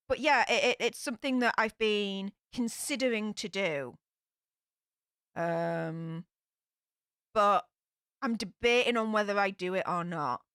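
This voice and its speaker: A young woman with a broad Yorkshire accent talks frankly to her stream, rambling through fillers and sighs. Her pitch sits fairly high and swings widely. The sound is close and dry, with no room echo. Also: sharp tone, clear, resonant tone. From Yorkshire, England. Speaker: YouTube streamer. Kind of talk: casual live-stream chat.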